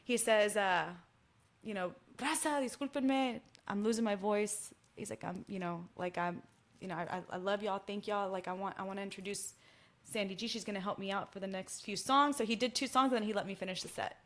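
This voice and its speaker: Animated Texan woman telling a story. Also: medium pitch, a little fast. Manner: animated storytelling, acts out quoted dialogue. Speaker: guest musician. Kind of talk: casual chat.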